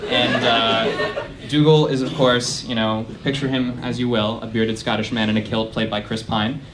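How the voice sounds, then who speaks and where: A young man doing a stand-up set at a college venue, deadpan and self-deprecating, with lots of fillers. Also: medium pitch, normal speed, background noise. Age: young adult. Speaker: stand-up comedian. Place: college performance space.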